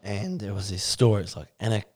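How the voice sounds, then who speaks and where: A man's voice: lowish voice, big pitch swings, quick pace, darkish tone. An Australian man chatting and telling stories in casual banter, swearing and laughing into his punchlines. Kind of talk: casual chat.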